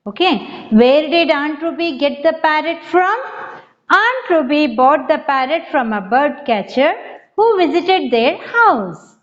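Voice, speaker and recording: A woman's voice: high-pitched, expressive, takes it slowly. A woman with an Indian English accent, a primary school teacher giving a revision lesson, spelling words out letter by letter and calling to the children. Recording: dull lo-fi recording.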